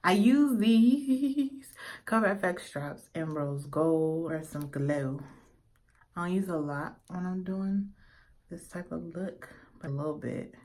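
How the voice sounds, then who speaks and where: A tipsy young woman with a low voice talks loosely through her makeup routine. She rambles, swears freely and throws playful insults between steps. Her voice sits deep for a woman. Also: takes it slowly, a little mellow. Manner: profane, rambling, playful trash talk. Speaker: beauty vlogger. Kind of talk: casual makeup tutorial chat.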